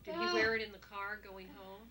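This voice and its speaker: A woman's voice: medium pitch, level tone, a little fast, a crowd in the background. A woman clinician casually interviewing a parent, asking curious follow-up questions. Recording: noisy old video recording.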